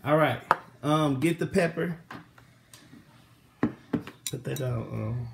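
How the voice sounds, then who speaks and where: This vlogger speaks slowly in a mid-range voice with vocal fry, and the recording is very noisy. Standing in his home kitchen, he casually guides viewers while patiently coaxing children through the cooking one direction at a time.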